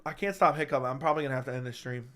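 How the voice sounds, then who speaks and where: A man's voice: mid-range voice, rapid-fire, a bit bright. A man hosting a casual live-stream chat, answering viewers while stuck with hiccups, stopping and restarting his sentences. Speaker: MMA channel host.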